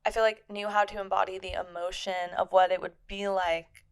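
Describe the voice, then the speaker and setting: A woman's voice: mid-range voice, little pitch movement, a little fast, smooth. A young woman co-hosting a podcast, chatting casually and gushing in a rambling way, full of "like.". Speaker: podcast co-host. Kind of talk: casual chat.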